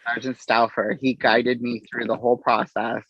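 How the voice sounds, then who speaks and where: A middle-aged man, an interview guest, telling his story in an unhurried, halting way and acting out the exchanges he quotes. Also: medium pitch, flat delivery, husky, no room sound. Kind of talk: conversational storytelling. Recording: dull, slightly lo-fi audio.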